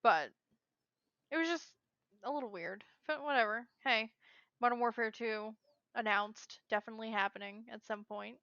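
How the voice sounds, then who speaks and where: A woman's voice: fairly high pitch, bright, forceful tone, no room sound, dull audio. A woman co-hosting a casual gaming podcast, chatty and frank. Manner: chatty, frank, quick to laugh. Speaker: podcast co-host. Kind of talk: casual chat.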